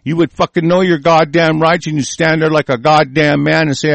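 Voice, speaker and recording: A man's voice: fairly high pitch, level tone, fairly quick, creaky, hardly any pauses, no echo. A man hosting a talk show, delivering a furious, profane and confrontational political rant.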